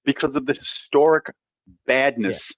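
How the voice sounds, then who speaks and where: A man's voice: mid-range voice, measured pace, dry recording, dull audio. A man co-hosting a live sports talk show, rambling and often restarting his sentences.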